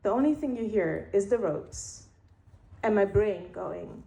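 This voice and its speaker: Slow, frank woman storyteller. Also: mid-range voice, expressive, gravelly, dark tone, a little hiss or hum. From Netherlands. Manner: frank, candid and wry, with slow pauses for effect. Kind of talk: personal storytelling. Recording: roomy echo.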